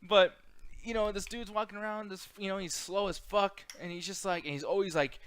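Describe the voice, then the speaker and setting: A man's voice: high-pitched, fairly even intonation, brisk, a bit bright, slight background noise. A man co-hosting a casual wrestling chat, ranting profanely and dropping into mocking impressions. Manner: profane, rant-driven, drops into mocking impressions. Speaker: co-host.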